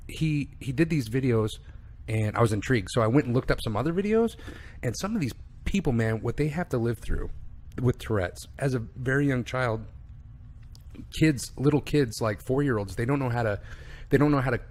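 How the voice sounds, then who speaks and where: A man's voice: medium pitch, moderate pace. A man co-hosting a comedy podcast, telling stories animatedly in casual chat. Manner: animated storytelling with imitations and laughter. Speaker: podcast co-host.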